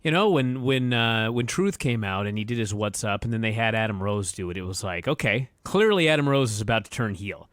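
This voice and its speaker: A man's voice: on the low side, animated, fairly quick, hardly any pauses, fairly bright tone, no room sound, studio quality. A man co-hosting a wrestling podcast, blunt and opinionated, ranting with casual profanity. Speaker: podcast co-host.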